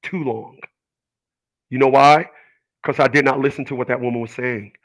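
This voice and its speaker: Bright-voiced man preaching to viewers. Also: mid-range voice, fairly even intonation, normal speed, rough recording. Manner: earnest, emphatic, preachy. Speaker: channel host. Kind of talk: personal monologue to viewers.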